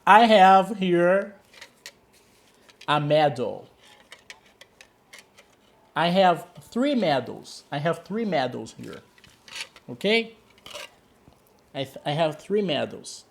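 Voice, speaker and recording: A man's voice: on the high side, very animated, slow, creaky, pauses often, a little hiss or hum. A man with a Brazilian Portuguese accent, a native Portuguese speaker teaching English one-on-one, repeating key words and often checking "okay?".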